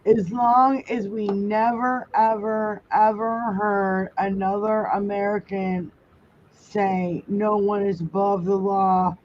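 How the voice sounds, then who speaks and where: A woman's voice: medium pitch, flat delivery, takes it slowly, highs cut off, slight background noise. A woman hosting a casual livestream, ranting angrily with heavy swearing while reading viewer comments. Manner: angry, heavy swearing rant.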